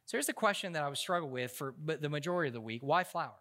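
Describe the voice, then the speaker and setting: High, bright-voiced male preacher. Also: expressive, rapid-fire. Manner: humorous, conversational storytelling with frequent restarts. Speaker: pastor. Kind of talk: sermon.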